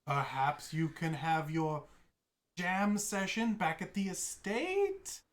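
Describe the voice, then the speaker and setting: A woman's voice: lowish voice, lively intonation, takes it slowly. A woman voicing a nervous, fussy older male butler who speaks politely and hesitantly. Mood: fretful. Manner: hesitant, apologetic.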